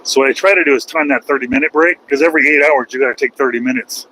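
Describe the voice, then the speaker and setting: A man's voice: mid-range voice, racing, bright, forceful tone, slight background noise, low-quality recording. Folksy middle-aged trucker rambling in his cab. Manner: rambling, folksy, swears casually. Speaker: truck driver vlogger. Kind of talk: casual chat while driving.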